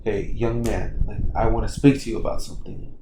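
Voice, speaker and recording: A man playing a calm older hero mentor. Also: on the low side, fairly quick, creaky, background noise. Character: mighty male hero mentor, older, earnest. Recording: echoey room.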